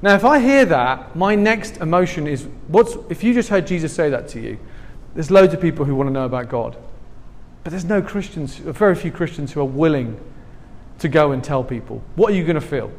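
A man preaching a sermon, animated and emphatic, swinging between loud and hushed. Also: a little high, brisk. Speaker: pastor. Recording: long hall reverb.

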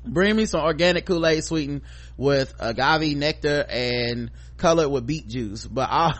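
A middle-aged man co-hosting a podcast, chatting casually and reading listener feedback, acting out stories with loud profane quotes. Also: mid-range voice. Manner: animated storyteller, profane, acts out quotes loudly. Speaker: podcast co-host.

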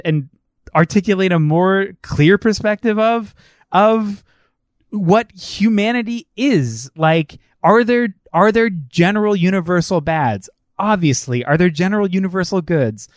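A man's voice: high voice, no echo, clean studio sound. A man in casual conversation about a film, emphatic and profane, often laughing as he makes his points.

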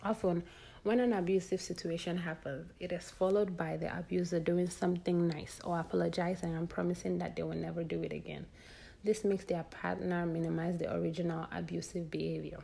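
A woman's voice: fairly low pitch, level tone, brisk, creaky, mellow, breathy edge. A young woman hosting a podcast, talking candidly in a casual advice monologue drawn from her own life. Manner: candid, conversational, sharing personal stories. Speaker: podcast host.

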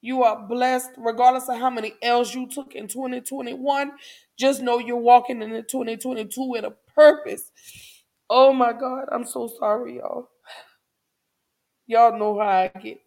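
A young adult woman speaks straight to her livestream viewers in a fairly high, gravelly voice. She is passionate and close to tears, and she preaches a little as she repeats lines for emphasis. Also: fairly even intonation, moderate pace, darkish tone. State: tearful, emotional. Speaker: podcast host. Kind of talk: emotional livestream talk to viewers. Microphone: camera livestream.

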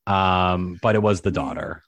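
A man in a casual podcast chat, adding quick agreements and dry remarks. His voice sits a little low. The recording is close and dry. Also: a bit bright, dry recording. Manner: short agreeing interjections, dry asides. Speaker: podcast co-host. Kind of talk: casual chat reviewing a TV episode.

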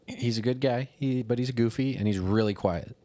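A man on a podcast, joking casually with quick apologetic asides. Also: medium pitch, dark tone, dry recording. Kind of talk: casual chat.

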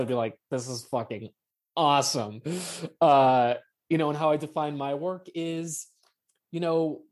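A man's voice: mid-range voice, darkish tone. A man being interviewed as a playwright, talking passionately and casually, with many fillers and the odd swear word. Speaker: playwright guest.

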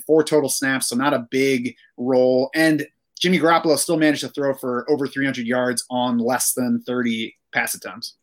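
Guy hosting a fantasy football show, steady and explaining, middle pitch. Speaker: fantasy football podcast host. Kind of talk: casual sports analysis chat.

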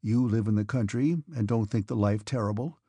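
A man's voice: lowish voice, a little fast, mellow, husky, no echo, clean studio sound. A man reading aloud and voicing a reserved, ironic young nobleman who speaks curtly.

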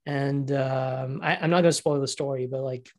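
A man co-hosting a podcast in casual chat, excitable, laughing often and restarting his sentences. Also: medium pitch, normal speed. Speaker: podcast co-host.

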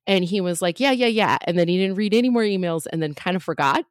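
A woman's voice: lowish voice, fast talker, clean tone, no room sound, clean studio sound. A woman comedian in her thirties telling a story as a podcast guest, chatty and full of fillers and jokey asides.

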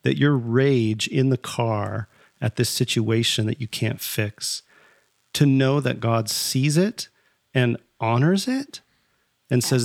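A man's voice: mid-range voice, slow pace, vocal fry, dry recording, clean studio sound. A man co-hosting a casual spiritual conversation, reflective and thinking aloud. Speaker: podcast co-host.

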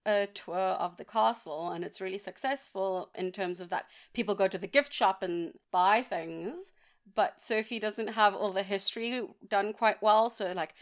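A woman's voice: mid-range voice, moderate pace. A woman co-hosting a casual film podcast, speaking frankly and recapping the plot plainly. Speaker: podcast co-host. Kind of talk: casual chat.

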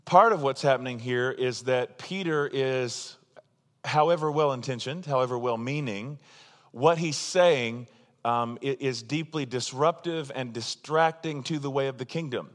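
A man's voice: medium pitch, measured pace, in a large hall. A man preaching a sermon as pastor, talking in a casual, emphatic way and poking fun at himself. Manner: conversational, self-deprecating, emphatic.

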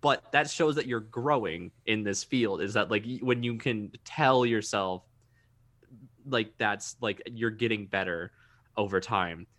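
A man's voice: fairly low pitch, a little slow, a bit bright. A young man from Minnesota, a voice actor, chatting casually on a podcast, rambling with lots of filler words and restarts.

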